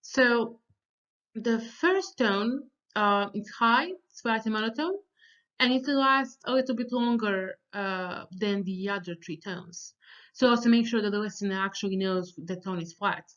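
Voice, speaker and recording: A woman's voice: mid-range voice, fairly even intonation, normal speed. A woman teaching a recorded lecture, explaining step by step with frequent ums and restarts and drawing out sample syllables. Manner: sings out sample syllables with exaggerated tones. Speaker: language teacher. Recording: slightly dull, lo-fi audio.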